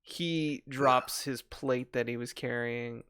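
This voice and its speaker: Smooth-voiced man running a tabletop game. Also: medium pitch, fairly even intonation, slow pace, a bit bright. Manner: clarifying, descriptive. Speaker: game master.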